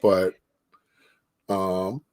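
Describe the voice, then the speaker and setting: Slow, low-voiced male interview host. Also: level tone, a little mellow. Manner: slow, measured, with fillers and restarts.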